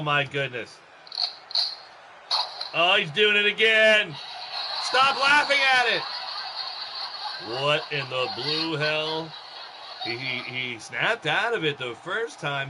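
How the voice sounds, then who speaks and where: Excitable high-voiced male wrestling commentator. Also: background noise. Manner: excitable, joking, shouts and jumps in pitch at big moments. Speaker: wrestling commentator and show host. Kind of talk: solo play-by-play commentary of a simulated wrestling game.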